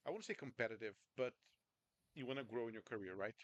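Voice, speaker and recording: He talks at a quick pace in a medium pitch, recorded dry with a lo-fi sound. This American communication coach leads a casual video-call session, chatty and repeatedly checking in with "right?" and "understand?".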